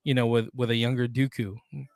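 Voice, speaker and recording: A man co-hosting a casual pop culture news podcast, reading out news items and then riffing on them in a relaxed way. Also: mid-range voice, a little fast, vocal fry, no room sound, clean studio sound. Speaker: podcast co-host.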